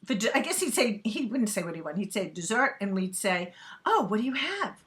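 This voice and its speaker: A woman's voice: medium pitch, very animated, fairly quick, a bit bright. A woman from Brooklyn chatting to camera as a vlogger, telling a funny anecdote with frequent laughs mid-sentence. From Brooklyn, New York. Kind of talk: casual storytelling to camera.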